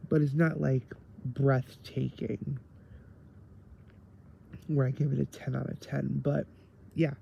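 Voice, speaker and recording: A man's voice: medium pitch, level tone, slow, gravelly, pauses often, warm tone, dull audio, slight background noise. A man giving a rambling casual review of a TV episode, tired late at night and full of fillers.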